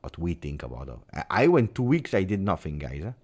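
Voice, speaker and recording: A man hosting a football vlog, talking in an emphatic, theatrical way that jumps between loud and hushed. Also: sits low, big pitch swings, brisk. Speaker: football channel host. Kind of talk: animated football commentary vlog.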